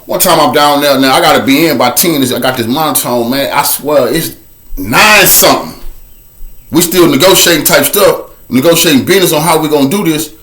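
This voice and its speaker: A man telling his own story in a casual, animated way, dropping to a low murmur for a repeated refrain. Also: fairly quick.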